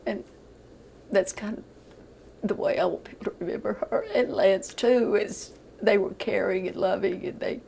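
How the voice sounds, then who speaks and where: An older woman giving a halting, emotional account in a news interview, often repeating words as she goes. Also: medium pitch, gravelly, a little mellow, slight background noise, poor audio.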